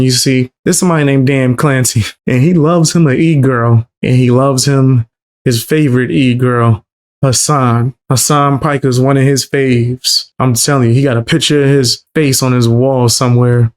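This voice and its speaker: A man hosting casual reaction commentary, talking in a slangy, mocking, incredulous way. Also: mid-range voice. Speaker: commentary channel host.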